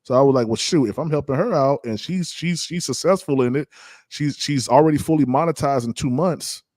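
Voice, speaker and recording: A man hosting a podcast, talking casually and a little haltingly, repeating words as he goes. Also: medium pitch, no echo, clean studio sound. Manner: relaxed, repeats words, laughs easily. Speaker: podcast host. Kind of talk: casual live-stream chat.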